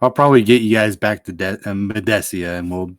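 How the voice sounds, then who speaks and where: A low-pitched man running a tabletop game as its game master, easygoing and quick to laugh. His voice is close and dry on a desk mic, with soft music playing faintly behind. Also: no echo. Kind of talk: casual tabletop game narration.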